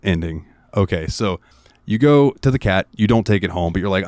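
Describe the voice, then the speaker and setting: A man's voice: deep voice, animated, moderate pace, a little mellow, no echo. A man co-hosting a casual podcast, rambling through a game's story with lots of fillers. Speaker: podcast co-host.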